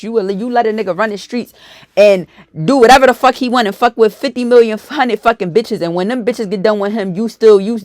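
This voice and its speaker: A woman's voice: on the high side, dry recording, clean studio sound. A woman YouTuber, delivering a profane, confrontational storytime rant.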